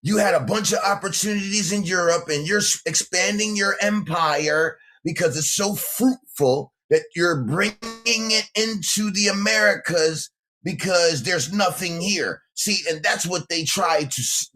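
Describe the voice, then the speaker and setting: A man's voice: sits high, unhurried, pushed and bright. A man hosting a casual livestream, talking brashly in slang and laughing often. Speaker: livestream host.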